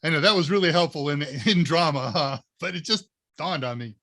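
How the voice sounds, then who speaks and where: A man from Northern Ohio hosts a live question-and-answer stream with a bright, forceful voice that sits a little high. He chats casually and wanders off into anecdotes, padding his sentences with fillers. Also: lively intonation, brisk. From Northern Ohio, USA. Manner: rambling anecdotal storyteller with many fillers. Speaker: live Q&A show host.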